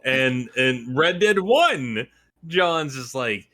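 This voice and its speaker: Forceful man, casual podcast talk. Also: mid-range voice, slow. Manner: animated and profane. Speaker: podcast co-host. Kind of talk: casual chat.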